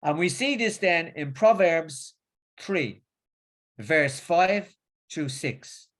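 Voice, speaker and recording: A man's voice: a little high, lively intonation, a bit bright. A middle-aged man with a Northern English accent gives a religious talk, then chats casually, often repeating words and using fillers. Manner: halting, with many repeats and fillers. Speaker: religious speaker.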